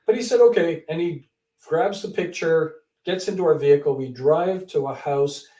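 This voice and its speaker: A Canadian man, an author appearing as a guest in an interview, tells a story animatedly and acts out the people he quotes. His voice is on the high side at normal speed, and he's recorded distant from the mic in an echoey room.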